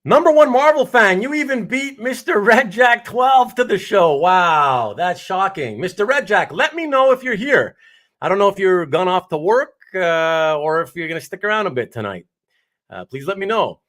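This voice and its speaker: A man's voice: sits high, very animated, moderate pace, fairly bright tone. A man hosting a casual live stream who chats with viewers, reads their names aloud and laughs often. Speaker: host of a live comic art stream.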